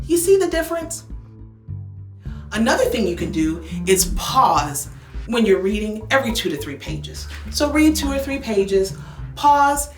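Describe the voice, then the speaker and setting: Her pitch sits fairly high and the sound carries reverb as she instructs parents. Working as a speech language pathologist, she offers cheerful coaching tips and models them using exaggerated tones.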